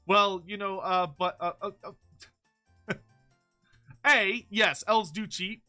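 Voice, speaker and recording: A man's voice: sits high, takes it slowly, pauses often, sharp tone, faint music behind. A man hosting a casual meme review, rambling with frequent swearing and mock-outraged rants. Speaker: YouTube host reviewing fan memes.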